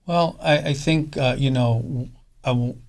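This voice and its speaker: A middle-aged man speaking in a casual interview as a fund co-founder, halting often with fillers and restarts. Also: mid-range voice, creaky.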